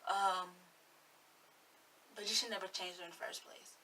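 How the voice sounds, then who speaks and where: A woman's voice: medium pitch, steady tone, normal speed, sharp tone, distant mic, a little hiss or hum. An eighteen-year-old woman giving sassy, blunt, chatty commentary on a reality show in her vlog. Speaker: vlogger.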